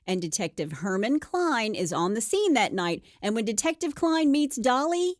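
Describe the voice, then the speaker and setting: A woman's voice: a little high, very animated, normal speed, dry recording, clean studio sound. A woman co-hosting a podcast, telling a true crime story casually and acting out the quotes with playful voices.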